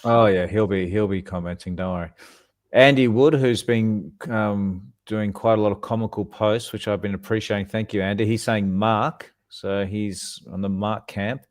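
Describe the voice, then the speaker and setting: A man's voice: lowish voice, steady tone, moderate pace, no room sound, studio quality. A man co-hosting a live podcast, chatting casually, reading viewer comments aloud and laughing often. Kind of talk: casual live-stream chat.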